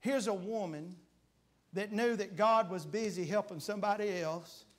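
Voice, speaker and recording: A man preaching a sermon in a church with a high-pitched voice. He reads scripture in old-fashioned wording and builds fervently as he pleads. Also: moderate pace. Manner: fervent, rising to shouts when pleading; reads scripture aloud in King James wording. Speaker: guest preacher. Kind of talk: revival preaching. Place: church sanctuary.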